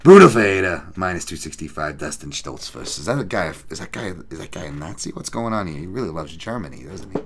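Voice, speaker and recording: A man hosting a casual betting podcast, profane and rambling, swinging from loud hype to low mutters. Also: lively intonation, fast talker, few pauses. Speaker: podcast host.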